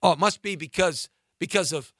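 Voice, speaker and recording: A man hosting a talk show, ranting in a comedic monologue, mocking and animated with sudden jumps in pitch. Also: brisk, no room sound, studio quality. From mixed Latin and Scottish-Irish heritage.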